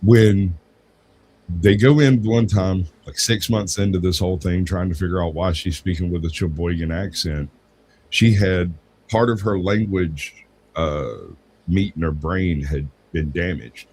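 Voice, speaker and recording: Brief: very low male voice, casual storyteller, faint room hiss. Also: measured pace, a little mellow, poor audio. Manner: rambling anecdotes with acted quotes. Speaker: podcast co-host.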